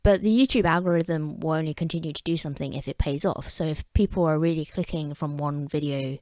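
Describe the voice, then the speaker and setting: A woman's voice: low voice, fairly quick, a little mellow, no echo. A woman with an English accent talking to camera in a wry, chatty vlog with self-deprecating asides. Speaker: vlogger. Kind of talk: casual talking-head commentary.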